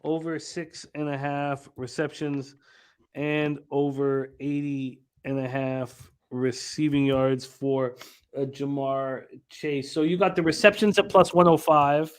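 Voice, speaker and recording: A man hosting a sports betting radio show, briskly reading out picks and comments from the chat. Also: a little high, fairly even intonation, clear, resonant tone.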